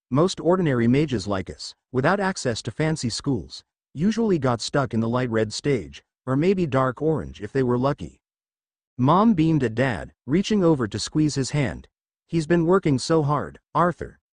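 A man's voice: mid-range voice, no room sound. A man reading a fan fiction story aloud in an audiobook style, giving the characters small voice shifts.

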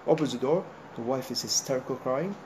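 A man's voice: medium pitch, fairly quick, background noise. A man, a rabbi, giving an informal sermon, telling stories in a conversational way with many "you know" asides and acting out what people said. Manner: animated storyteller, acting out conversations.

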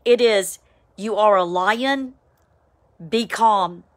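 A woman, giving a casual, emphatic spoken devotional, with sudden excited high cries. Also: drawn-out words. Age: 50s. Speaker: Christian devotional vlogger. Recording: home, with a siren outside.

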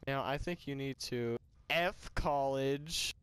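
A young let's player reads a game's dialogue aloud with casual commentary, swearing, laughing and putting on voices for the characters, on a glitchy home mic. His medium-pitched voice is slow, fairly bright, clear and resonant, with no room sound.

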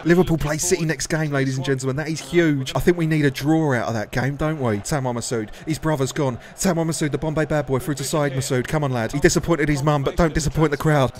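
A man giving comedic, excitable commentary over a football video game, shouting players' names with crude jokes. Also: on the high side. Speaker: gaming YouTuber and commentator.

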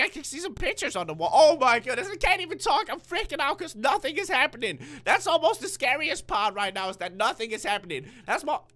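A man's voice: very high-pitched, sharp tone. A man giving let's-play commentary, nervous and stuttering, who bursts into screams when startled. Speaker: gaming video creator.

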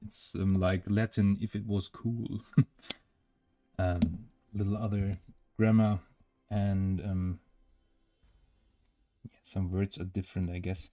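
Low-voiced German man, hesitant chat. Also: flat delivery, slow, long pauses, dark tone. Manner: hesitant, many filler sounds. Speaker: miniature painting streamer. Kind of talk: casual chat while painting.

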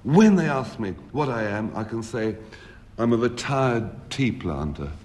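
A man's voice: mid-range voice, very animated, unhurried, very noisy. A man doing a meek, sheepish old friend. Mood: pleading. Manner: pleading, gabbling confession. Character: meek, sheepish older male chess friend.

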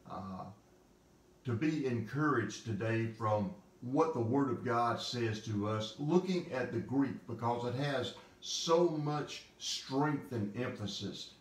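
A male pastor giving an emphatic devotional sermon, stressing repeated phrases and slowing on key words. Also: mid-range voice, distant mic. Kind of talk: devotional sermon teaching from scripture. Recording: roomy sound, speaker away from the mic.

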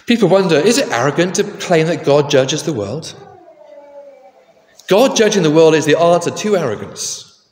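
A man's voice: a little high, big pitch swings, moderate pace, a little mellow. A man preaching a sermon in a conversational way, asking the congregation questions. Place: large church. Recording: echoey church with long reverb.

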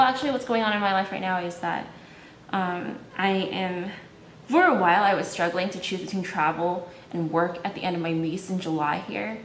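A woman's voice: lowish voice, a little hiss or hum. Chatty young woman vlogger in echoey room. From Malaysia. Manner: chatty, heavy use of "like" fillers. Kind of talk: casual vlog chat. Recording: echoey room with faint ambience.

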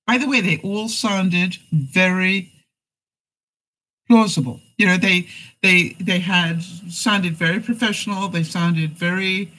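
Speaking slowly in a lowish, somewhat bright voice, this life-advice vlogger talks casually to the camera despite poor audio. She tells chatty stories, plays out phone calls, and laughs as she moves from point to point.

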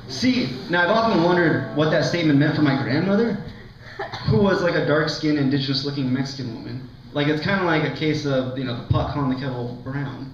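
A young man, a little high-pitched for a guy, works through a stand-up set in loose, rambling talk full of likes and ums. He keeps poking fun at himself. The recording is distant and echoey, with a dull, lo-fi sound. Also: expressive, brisk, slight background noise. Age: young adult. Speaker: stand-up comedian. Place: college lounge with a laughing audience.

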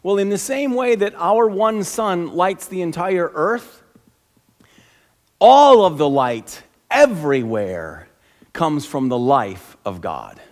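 A man, the pastor, preaching a sermon, swinging from loud emphatic passages to hushed, slow, awed lines. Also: on the high side. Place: church sanctuary. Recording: long reverb of a church hall.

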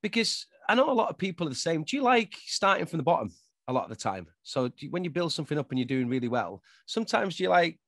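Lively, dry-sounding podcast host. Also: male voice, on the high side, fast talker, dry recording. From northern England. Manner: enthusiastic, rambling questions, laughs often. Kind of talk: casual interview.

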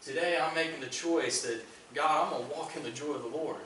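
A man's voice: fairly high pitch, fairly quick, pushed and bright, far from the mic. Male pastor preaching earnestly, recorded from afar in a very echoey church with background noise. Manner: earnest preaching, repeats "listen" for emphasis. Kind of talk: sermon. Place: church sanctuary.

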